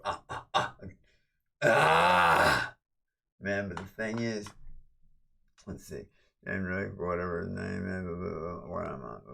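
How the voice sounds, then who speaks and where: A man's voice: low voice, gravelly. A man chatting casually on a livestream, rambling and ranting, cursing freely and thanking viewers.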